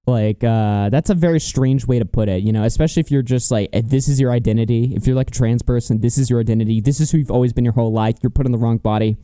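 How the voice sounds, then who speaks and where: A man's voice: medium pitch, fast, few pauses, dark tone, clear, resonant tone, no room sound, clean studio sound. A man hosting a casual stream, commenting animatedly with frequent swearing and laughter. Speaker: streamer host.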